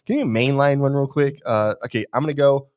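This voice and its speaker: A man's voice: medium pitch, brisk, darkish tone. A man co-hosting a live barbecue podcast, chatting casually and joking while rating beers. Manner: jokey, laughs often, acts out quotes. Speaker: podcast co-host.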